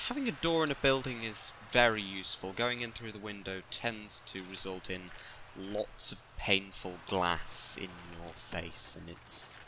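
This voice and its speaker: A man with a fairly low voice talks slowly through a game, joking and mocking himself as he goes. His commentary rambles casually and he often talks to himself. A steady hiss of background noise sits behind him. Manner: jokey, self-mocking, rambling asides to himself. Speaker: let's play gamer.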